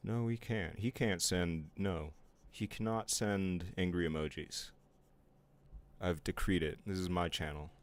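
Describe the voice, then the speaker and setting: A man's voice: deep voice, steady tone, unhurried. A man streaming his drawing live, chatting casually with viewers in playful, mock-offended banter. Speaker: art streamer.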